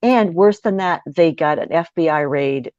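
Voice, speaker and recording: Woman podcast guest with a lowish voice who tells stories with lots of energy. Dry, dull lo-fi recording. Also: moderate pace, no echo. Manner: lively, laughing, acts out quoted voices. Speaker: guest speaker and author. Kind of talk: animated storytelling in a podcast interview.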